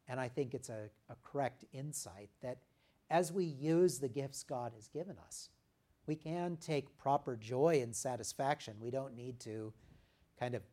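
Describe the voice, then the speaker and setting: A man preaching a sermon in an easygoing, conversational voice of middle pitch. He reads scripture, then talks it through with the congregation, pausing on the odd "uh." His voice lifts to stress a point and falls quiet as a phrase closes. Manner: reads scripture aloud, then explains it in a conversational way with frequent "uh" pauses; dynamic delivery, rising for emphasis and dropping very soft at the ends of phrases. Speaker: pastor.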